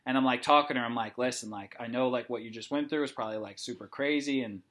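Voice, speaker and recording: A man's voice: medium pitch, fast, fairly bright tone. A young man casually telling a long story, rambling with lots of "like" and acting out the dialogue. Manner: rambling, heavy use of "like", acts out dialogue.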